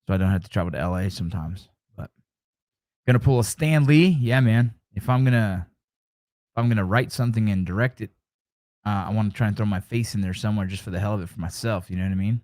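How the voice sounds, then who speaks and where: A man's voice: fairly low pitch, quick pace, a little mellow, no room sound, studio quality. A man hosting a casual live stream, chatting with viewers, joking and telling stories. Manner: joking, storytelling, reacting to chat.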